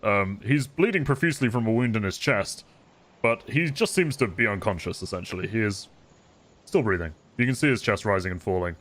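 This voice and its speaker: A man narrating a tabletop game as game master, relaxed and descriptive. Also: on the low side, fairly quick.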